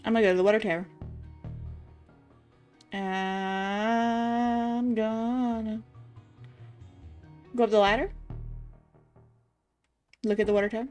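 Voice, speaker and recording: A woman streaming a point-and-click game, talking through it in quiet, offhand asides. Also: mid-range voice, fairly even intonation, racing, long pauses, faint music behind. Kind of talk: casual gameplay commentary.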